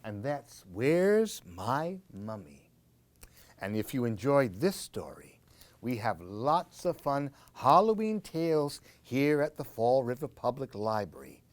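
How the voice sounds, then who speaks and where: Male library storyteller, slow and animated, whispers the spooky bits. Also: mid-range voice, no echo. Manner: playful sound words, hushed whispers. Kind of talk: children's picture book read-aloud.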